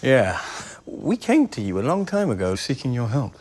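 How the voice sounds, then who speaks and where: An actor playing a stern young man, speaking in a measured, pointed way. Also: medium pitch, huge pitch swings, a little mellow.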